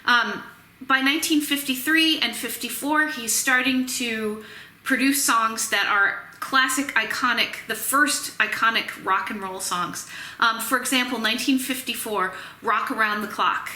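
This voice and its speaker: A woman's voice: on the high side, measured pace, bright, forceful tone. A woman giving a recorded music history lecture in a chatty way, with many fillers and restarts. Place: Tennessee. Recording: echoey room.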